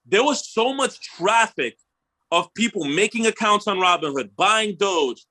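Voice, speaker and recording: Casting: young male podcast host, high and bright, animated slangy storyteller who swears freely. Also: unhurried. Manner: animated storyteller, slangy, swears, acts out his own quotes. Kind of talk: casual storytelling chat.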